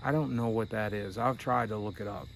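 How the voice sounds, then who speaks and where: Telling candid hometown stories on a night-time outdoor vlog, a middle-aged man keeps things wry and conversational. His lowish voice is brisk and creaky, and there's slight background noise.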